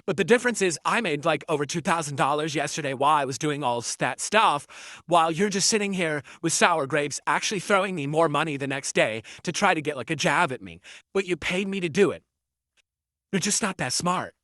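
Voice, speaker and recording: Male streamer, somewhat high and bright, dry close mic; sarcastic toward trolls, rambling. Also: animated, a little fast, no echo. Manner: mocking, gloating toward trolls; rambling, self-justifying monologue. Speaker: livestreamer reading viewer tips. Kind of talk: casual stream chat.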